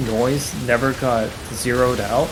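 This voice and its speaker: A man explaining a speedrun route as he plays, in a halting, loose live-stream commentary style. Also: medium pitch, fairly even intonation, noisy background. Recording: game music playing behind the voice.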